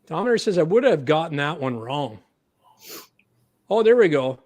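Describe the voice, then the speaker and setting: A Canadian man hosting a livestream, his voice sitting a little high and swinging widely as he jokes and tallies points. He sounds playful and quick to laugh. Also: sing-song. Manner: playful, laughing, keeps score out loud. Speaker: podcast host. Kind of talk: casual livestream chat.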